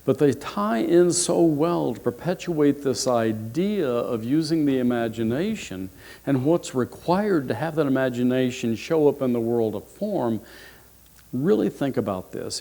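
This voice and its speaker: Male minister, sermon, mid-pitched voice, unhurried storyteller with expressive swings. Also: gravelly. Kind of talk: sermon with a told joke.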